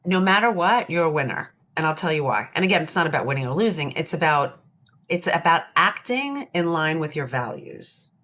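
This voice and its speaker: An earnest woman with a slightly low voice talks as an interview guest. She leans hard on her points and repeats them for emphasis, explaining with steady conviction. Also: a little fast. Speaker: psychologist guest. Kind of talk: interview conversation.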